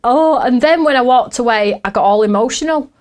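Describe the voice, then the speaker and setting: A woman's voice: on the high side, brisk, a little mellow. An English woman hosting a crafting podcast, telling a story in a chatty way, laughing often and acting out what others said. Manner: acts out quotes in different voices. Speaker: podcast host. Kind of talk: casual chat with viewers.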